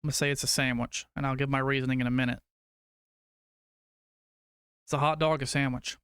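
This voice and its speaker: A man's voice: medium pitch, level tone, fairly quick, a bit bright, clean tone, no echo, studio quality. A young adult man streaming, chatting loosely with his chat, swearing casually and arguing food opinions in a rambling way.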